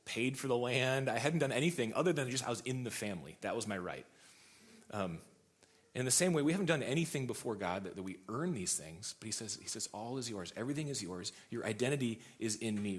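Low-voiced man preaching conversationally. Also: a bit bright. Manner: conversational storytelling with many repeated words. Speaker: pastor. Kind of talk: sermon.

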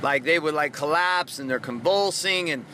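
A man in his thirties, a coach hosting a motivational podcast, delivers a monologue in a fairly high, pushed, bright voice at normal speed. He talks bluntly and energetically with plenty of swearing. The recording has a little hiss or hum.

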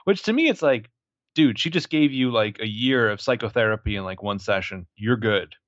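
A man's voice: lowish voice, expressive, moderate pace, fairly bright tone, no room sound, lo-fi sound. A man co-hosting a podcast, chatting casually and sarcastically about a film, swearing and laughing often. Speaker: podcast co-host. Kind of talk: casual movie review chat.

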